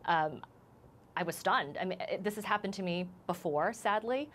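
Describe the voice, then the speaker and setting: A woman reporter in a live TV interview, shaken and emotional, speaking haltingly with many restarts. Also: mid-range voice, a bit bright, slight background noise. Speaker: news reporter as guest.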